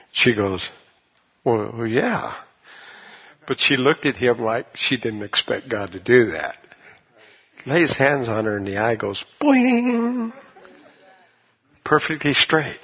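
A folksy man preaching, his voice husky and a little grainy. He tells his story in a plain, homespun way, then climbs into loud shouts of praise. The recording sounds dull and lo-fi. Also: mid-range voice. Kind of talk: sermon with storytelling.

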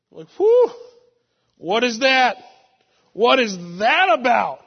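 High-voiced young man preaching in an echoey hall. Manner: animated, laughing storytelling with sudden loud outbursts. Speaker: pastor. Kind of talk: sermon. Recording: muffled sound with long hall reverb.

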